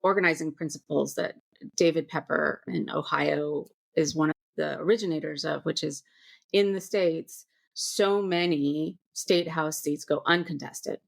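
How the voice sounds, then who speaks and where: A woman hosting a podcast interview, speaking in a measured, conversational way. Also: sits low, steady tone, creaky. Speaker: podcast host.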